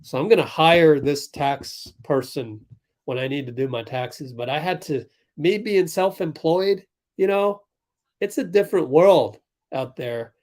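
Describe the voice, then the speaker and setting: A young man hosting a casual sports livestream, thinking aloud and calling plays in quick bursts while chatting with viewers. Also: fairly high pitch, a little mellow. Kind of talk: casual live game commentary and chat.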